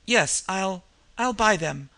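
Man reading as a whimpering old miser, high-pitched, bright, stammering. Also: animated, takes it slowly, no echo, heavily acted. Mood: pleading. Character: whining bent old man, fearful miser.

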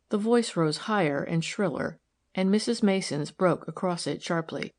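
A woman narrating a novel in an audiobook with a steady, even reading. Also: on the low side, moderate pace.

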